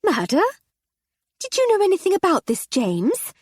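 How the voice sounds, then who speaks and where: A woman voicing a domineering, gaudy upper-class wife in her fifties with a shrill, sharp way of talking. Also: sing-song, unhurried, breathy edge, no echo, clean studio sound, exaggerated voice. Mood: sharp, fussing.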